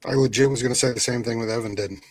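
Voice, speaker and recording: A man's voice: mid-range voice, fairly even intonation, racing, no room sound. A man with a Philadelphia accent, co-hosting a sports podcast, upbeat and agreeable in casual chat. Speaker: podcast co-host.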